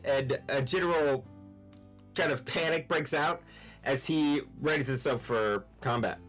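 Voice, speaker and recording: A man's voice: medium pitch, a little slow, fairly bright tone, faint music behind. A man running a tabletop game over an online call, narrating loosely with many fillers. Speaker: game master.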